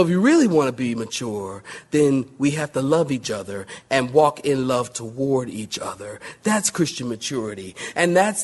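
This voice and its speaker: A man preaches a sermon in a high voice. His pitch rises and falls a lot. He calls out to the congregation for amens, with loud exclamations and hushed asides. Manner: calls for amens and acts out skits. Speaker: pastor.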